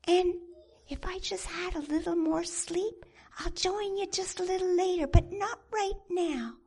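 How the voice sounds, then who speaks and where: A lazy man makes excuse after excuse to keep sleeping, his agreement drawn out and reluctant, as a woman preacher plays him. His voice is pitched a little above her own. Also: a little slow, darkish tone. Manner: drawling, excuse-making.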